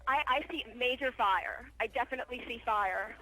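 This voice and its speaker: A shaken woman eyewitness, describing events live over the phone in halting speech with many restarts. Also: a little high, bright, forceful tone. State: shaken, stuttering. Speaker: eyewitness caller. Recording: phone line.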